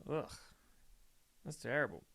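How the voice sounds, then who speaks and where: Hosting a casual solo podcast, a young Austin, Texas man rambles and curses, peppering his talk with "dude." He's sore and yawning. His medium-pitched voice is expressive, gravelly, and sharp, and he keeps a measured pace.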